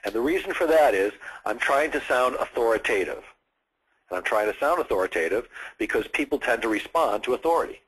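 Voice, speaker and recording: A man in his sixties, a sales trainer at a live seminar, lively and acting out firm phone calls as he teaches. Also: mid-range voice, brisk, breathy edge, poor audio. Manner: energetic, acts out phone calls in firm and friendly tones.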